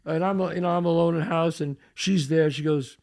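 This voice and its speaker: A man's voice: on the high side, brisk. An older man hosting a podcast, telling a story in casual chat and acting out what everyone said, laughing often. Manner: animated storyteller, acts out quotes, laughs a lot. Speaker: podcast host.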